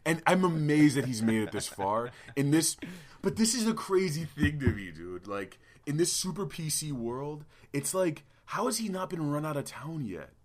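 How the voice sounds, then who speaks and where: A young man co-hosting a podcast in brash, profane, excitable casual chat. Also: on the high side, normal speed. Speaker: podcast co-host.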